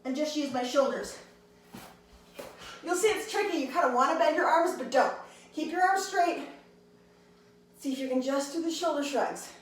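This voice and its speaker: A woman's voice: high-pitched, moderate pace, long pauses, very echoey, far from the mic, slight background noise, low-quality recording. A woman teaching a handstand class, encouraging her students and counting reps aloud, a little out of breath. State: slightly out of breath. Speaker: handstand instructor. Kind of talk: fitness class instruction.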